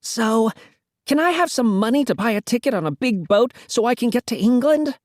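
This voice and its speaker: A woman voicing an excitable young woman reporter in a children's storybook read-aloud, shrill and exclaiming. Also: normal speed, dry recording, studio quality, lightly acted. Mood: excited.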